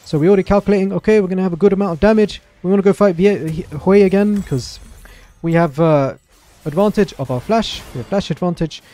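A young man streaming a video game, chatting excitedly through the match and answering his chat. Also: high-pitched, quick pace. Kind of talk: live gameplay commentary.

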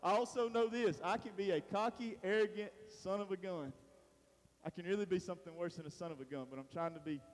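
High-voiced preacher in a reverberant church. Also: male voice, quick pace. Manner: casual Southern preaching, lots of "man" and restarts. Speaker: pastor. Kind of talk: sermon. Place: church hall.

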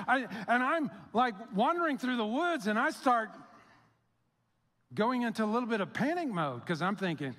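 A man's voice: very high-pitched, expressive, moderate pace, fairly bright tone. A middle-aged man preaching a sermon as pastor, chatty and storytelling, acting out the voices he quotes. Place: church sanctuary. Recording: long hall reverb.

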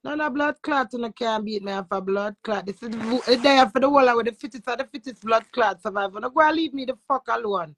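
A Jamaican woman with a fairly high voice talks brash and boastful in thick patois, swearing at every turn. Her voice sits close and dry, with no room sound around it. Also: fast, hardly any pauses, no echo. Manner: loud, profane and boastful. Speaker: social media influencer. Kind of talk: brash casual talk in patois.

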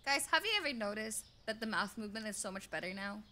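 A woman's voice: mid-range voice, expressive, fast, sharp tone. A woman streaming a game, chatting casually with her chat, swearing often and breaking into squealing laughs.

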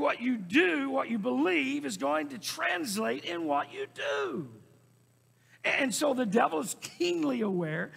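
A high-voiced man preaches a sermon, his tone gravelly and husky. He hammers his points with repetition and bursts into shouts. His voice rings with the long reverb of a church hall. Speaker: pastor. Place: church sanctuary.

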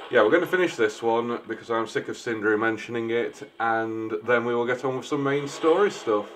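A man with a mid-range, fairly bright voice talks briskly, barely pausing, over slight background noise. He's a gameplay streamer doing casual let's-play commentary, joking around and talking back to the game's characters.

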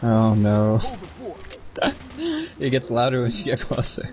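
A man's voice: medium pitch, steady tone, moderate pace. A man bantering and complaining playfully during a casual let's play. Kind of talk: casual gaming commentary.

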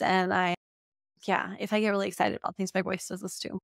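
A woman's voice: medium pitch, level tone, very fast, no echo. A young adult woman speaks on her own podcast as a business coach. Her talk is casual and heartfelt, and she sounds close to tears at times. The recording is dry, with no room sound. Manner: heartfelt, emotional, says y'all often.

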